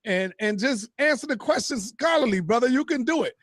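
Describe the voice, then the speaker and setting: A man moderates a heated debate, calling everyone brother and asking them to calm down. He speaks in a high voice. The recording is dry and close. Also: a little fast, no echo. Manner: calls everyone brother, tries to calm things down. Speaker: host and moderator. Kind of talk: moderating a live debate show.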